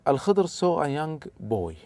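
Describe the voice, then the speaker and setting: Animated male religious storyteller. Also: a little high, a little slow, no echo. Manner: animated, with sudden emphatic rises; speaks with restarts and repeats. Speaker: religious lecturer.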